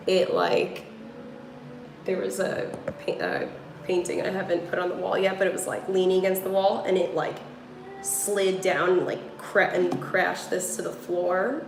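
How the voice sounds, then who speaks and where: A woman with a New York accent talks casually to her livestream viewers from home, drifting between thoughts and leaning on fillers. Her voice sits low with a gravelly fry. The room sounds echoey, and steady noise runs underneath. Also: measured pace. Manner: rambling, filler-heavy, talking to viewers. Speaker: tarot reader livestreaming.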